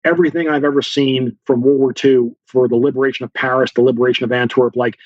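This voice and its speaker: A man's voice: medium pitch, quick pace, no echo, muffled recording. A man being interviewed, telling a story with lots of fillers and acting out the dialogue. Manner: animated storyteller, acts out dialogue, many fillers. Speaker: guest author, former Special Forces officer.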